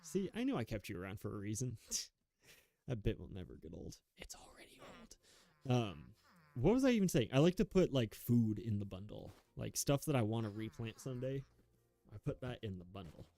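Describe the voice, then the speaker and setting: Gravelly young man, rambling game commentary. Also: mid-range voice, sing-song, a little fast, mellow. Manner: rambling, self-mocking, chuckles often. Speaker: gaming YouTuber. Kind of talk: casual gameplay commentary.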